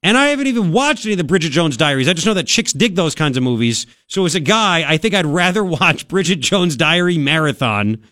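A man's voice: fairly high pitch, a little fast, few pauses, no room sound, clean studio sound. A man hosting a political talk radio show, chatting casually and mocking other people in put-on voices. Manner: animated, conversational, mocking impressions of others.

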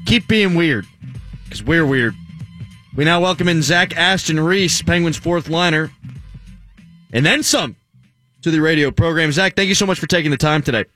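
A man hosting a sports radio show, bantering in an animated, sarcastic way. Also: on the high side, moderate pace, long pauses, soft background music.

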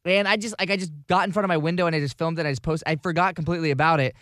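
Male co-host, casual chat, slightly high voice, rambling with fillers, dry sound. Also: steady tone, rapid-fire, fairly bright tone, no echo. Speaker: podcast co-host.

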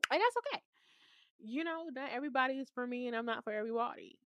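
A woman co-hosting a casual chat podcast, sassy and quick to laugh, stretching words for emphasis. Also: a little high, lo-fi sound, background noise. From New York. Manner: sassy, laughs often, drawn-out emphatic phrasing. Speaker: podcast co-host.

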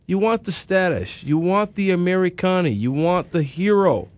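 Animated male podcast co-host. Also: high-pitched, moderate pace, no room sound. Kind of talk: casual chat.

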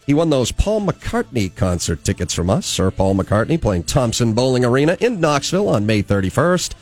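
A man's voice: mid-range voice, very animated, moderate pace. A man from Boston hosting a morning talk radio show from the studio in an upbeat announcer delivery. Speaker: radio host.

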